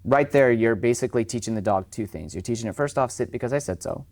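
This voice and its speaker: A man's voice: medium pitch, fast, darkish tone, dry recording, clean studio sound. A man speaking as a dog trainer guest in a casual podcast conversation, chatty, acting out owners and dogs in raised voices.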